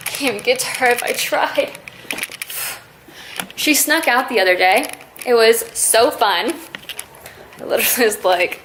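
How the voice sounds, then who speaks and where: A woman's voice: on the high side, expressive, a little slow, long pauses, fairly bright tone, slight background noise. A woman vlogger talking candidly in a casual, rambling way, laughing often as she speaks. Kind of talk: casual confessional vlog chat.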